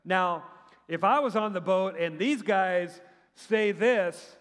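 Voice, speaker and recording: A middle-aged pastor with a high voice preaches slowly in a relaxed, conversational style, chatty and animated, stumbling into restarts and tossing in sarcastic asides. The long reverb of a big church hall rings around his words.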